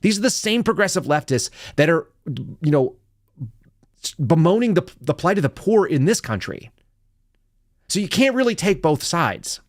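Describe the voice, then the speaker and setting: A middle-aged man hosting a live political commentary show, sarcastic and animated, dropping to a low mutter and then rising into loud outbursts. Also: moderate pace, long pauses, no echo, clean studio sound. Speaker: podcast host.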